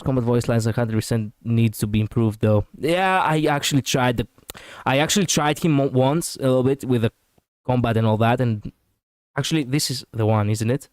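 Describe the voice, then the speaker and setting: A man streaming casual reaction commentary, chatty and quick to laugh, on a close mic. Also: medium pitch, a little mellow, no room sound.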